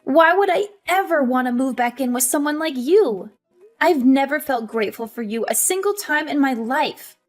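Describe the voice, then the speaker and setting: A woman voicing a hurt but defiant young adult daughter in an animated story, talking in an earnest, emotional way. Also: high voice, moderate pace, faint music behind.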